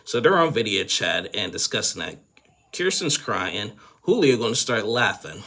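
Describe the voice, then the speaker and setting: A man with a deep, gravelly voice rambles through a casual reality TV recap, leaning on fillers like "and stuff." His tone carries a bright, tense edge as he gives frank opinions. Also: big pitch swings, a little slow.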